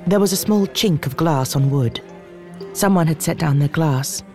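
A narrator reading scripted story narration in a measured way. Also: medium pitch, darkish tone, soft background music.

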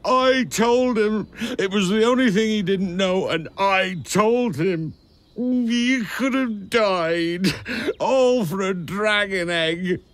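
A man voicing a huge, soft-hearted male groundskeeper who sobs with remorse and talks in rough, homely words. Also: high voice, slow. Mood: sobbing remorse. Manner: rough, sobbing, homely speech.

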